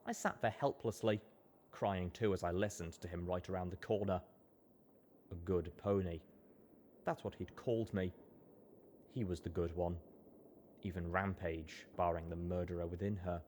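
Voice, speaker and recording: A man reading fiction aloud as a first-person narrator, measured and earnest. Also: low-pitched, steady tone, a little mellow, a little hiss or hum. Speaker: audiobook narrator.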